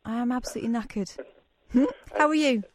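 A chatty woman from Manchester, England hosts a late-night radio phone-in, teasing callers and laughing easily. Her voice is fairly high, brisk and a little mellow, with no echo.

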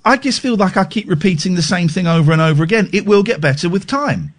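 A man hosts a late-night radio phone-in, his voice sitting a little high and swinging widely in pitch. He talks frankly and self-deprecatingly, restarting sentences as he goes. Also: expressive, fast. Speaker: radio host.

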